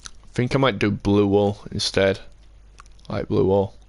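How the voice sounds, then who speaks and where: A young man streaming a building game, chatting in a relaxed way and answering viewers as he works. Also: on the low side, a little slow, vocal fry, no echo. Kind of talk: casual live-stream chat while building in a game.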